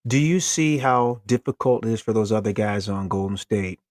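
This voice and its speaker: A man's voice: lowish voice, moderate pace, darkish tone, dry recording, studio quality. Laughing man talking sports trash. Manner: laughing, playful trash talk. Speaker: sports show co-host. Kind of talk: casual sports talk.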